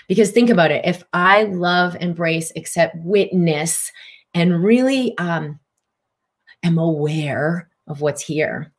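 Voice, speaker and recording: Animated woman teaching live, lowish voice. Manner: animated, acts out inner voices. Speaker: spiritual teacher. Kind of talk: live-streamed teaching talk.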